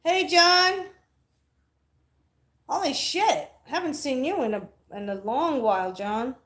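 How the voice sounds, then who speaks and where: A woman's voice: sits high, lively intonation, slow, fairly bright tone. A woman hosting a casual livestream podcast, blunt and playful, swearing freely as she chats with viewers. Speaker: podcast host. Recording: echoey room.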